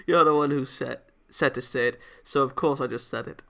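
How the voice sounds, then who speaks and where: A man's voice: mid-range voice, fairly even intonation, fairly quick, vocal fry, hardly any pauses, a bit bright. Man reading a visual novel aloud. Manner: reads narration plainly, voices the hero casually. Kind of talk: let's-play reading of game text.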